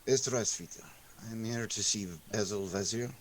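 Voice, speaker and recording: A man's voice: fairly low pitch, steady tone, measured pace, pitched above the performer's own voice, natural voice, low-quality recording. Demona, a man doing a curt Russian-accented mercenary woman. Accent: Russian, put on.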